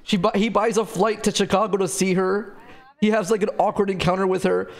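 A male streamer talks straight to his live chat in a loose, rambling way, piling on fillers and swearing as he vents. His voice sits a bit high with a rough, gravelly fry running through it. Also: flat delivery, fairly quick. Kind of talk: casual chat to stream viewers.

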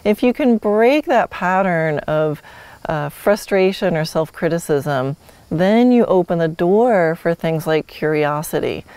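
A woman's voice: fairly low pitch, expressive, unhurried, a little mellow, clear, resonant tone, no room sound. A woman hosting a solo podcast, teaching horsemanship in a friendly, instructive way with light laughs.

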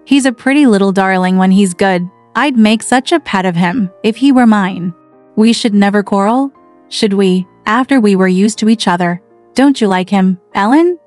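A woman's voice: mid-range voice, normal speed, darkish tone, faint music behind, natural voice. A woman reading the part of an eager, coaxing girl of almost seventeen in a storybook reading. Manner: pleading and coaxing.

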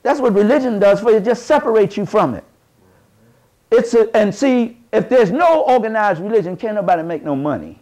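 A man giving an impassioned lecture to a live audience, speaking in a folksy, colloquial way and rising to shouted emphasis like a preacher. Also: high voice, lively intonation, brisk. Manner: folksy, colloquial, with double negatives.

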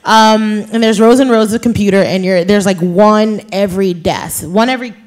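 A woman's voice: medium pitch, normal speed, darkish tone. Chatty laughing woman telling a story. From New York. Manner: chatty, laughing, lots of "like" and "you guys". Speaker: author guest. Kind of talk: storytelling conversation on stage. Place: live author event before an audience.

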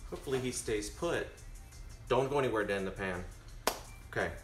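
Cooking live in his home kitchen, this stream host talks chattily and directly to the people watching. He has a fairly low voice at a normal speed, and the roomy-sounding audio has music underneath.

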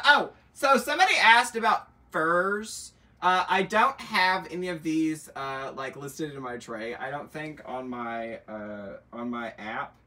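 Campy, lively man hosting a live sale. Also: high-pitched. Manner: campy, animated and sassy, full of asides and teasing. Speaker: luxury bag reseller hosting a live sale stream. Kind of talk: chatty live-stream selling, reading viewer comments. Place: indoor shop room with lights and windows. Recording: voice picked up from a distance.

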